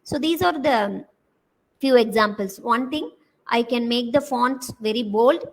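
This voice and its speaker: A woman's voice: fairly high pitch, measured pace, rough recording. A woman with an Indian English accent giving a university design lecture, talking through slide examples with many hesitant fillers.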